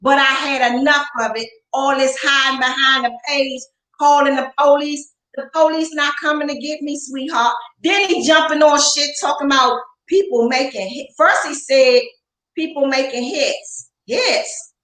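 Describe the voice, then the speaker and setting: A woman's voice: high voice, fairly even intonation, normal speed, fairly bright tone. A woman speaking as an interview guest, ranting in a heated, profane, confrontational way with lots of emphasis. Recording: roomy echo.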